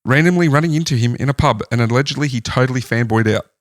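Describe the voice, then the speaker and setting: A man's voice: medium pitch, quick pace, dry recording, clean studio sound. Man relaying trivia on a podcast. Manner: relaxed retelling of researched facts. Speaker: podcast host. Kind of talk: casual chat.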